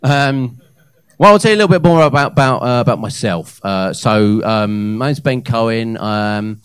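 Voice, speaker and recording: A man in his thirties performing a live stand-up set on a comedy club stage into a handheld mic, with hesitant fillers and loud punchlines. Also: medium pitch, normal speed, clean tone, no echo. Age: 30s.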